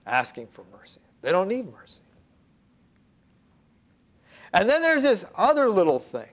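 Male pastor, high-pitched voice, casual storytelling sermon with whispered asides. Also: highs cut off. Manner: conversational storytelling, swings to hushed asides.

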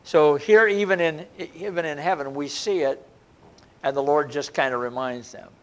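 A man's voice: a little high, normal speed, highs cut off. An older man preaching a sermon, with a conversational delivery and frequent restarts. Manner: lively, rising and falling delivery with frequent restarts.

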